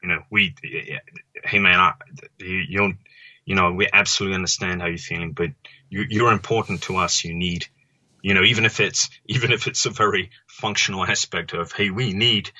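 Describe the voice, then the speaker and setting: A man's voice: deep voice, fairly even intonation, a little fast, pushed and bright, dry recording, dull audio. A male podcast host summing up a point in a reflective way, with many restarts. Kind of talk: conversational interview.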